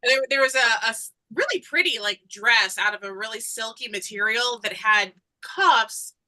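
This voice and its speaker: A woman's voice: a little high, normal speed, sharp tone, poor audio. A woman hosting a casual chat, telling a story and laughing often. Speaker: host.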